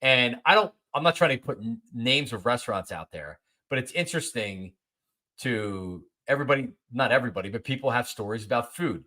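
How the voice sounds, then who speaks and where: Fairly quick and medium-pitched, a man in his forties tells a story on his podcast in a casual monologue. He gets animated and repeats himself while acting out each side of a conversation.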